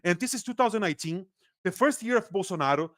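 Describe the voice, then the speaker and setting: His voice is high and the recording dry and studio quality. He's a Brazilian man with a Brazilian accent, a native Portuguese speaker, chatting animatedly as a guest political analyst on a casual podcast, laughing often and frequently beginning sentences over.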